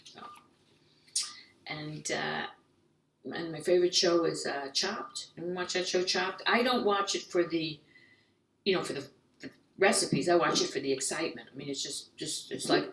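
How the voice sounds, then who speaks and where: A woman doing a stand-up comedy set, who often slips into rapid, anxious, rambling inner monologues. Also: low-pitched, creaky. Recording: echoey room heard from far off.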